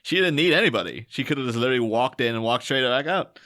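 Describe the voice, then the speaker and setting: A man's voice: medium pitch, animated, quick pace, bright, forceful tone. A man guesting on a podcast, chatting casually and analytically. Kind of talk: casual chat.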